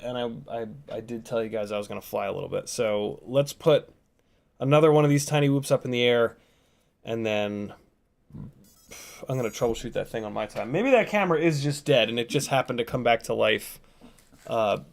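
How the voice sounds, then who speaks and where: Still a bit sick, this FPV drone livestream host speaks in a creaky, mid-range voice. He keeps things casual, muttering with exasperation as he tinkers and reads the chat out loud.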